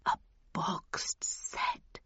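A woman reading a weary, brooding male detective in an audiobook, often slow and sometimes hushed. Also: medium pitch, slightly rough, no room sound, dull audio, lightly acted.

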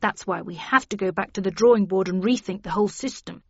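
A woman's voice: mid-range voice, quick pace, darkish tone, slightly rough, no echo, highs cut off. A woman reading the part of a male official explaining a crisis at length, in an earnest, lecturing way, in an audiobook.

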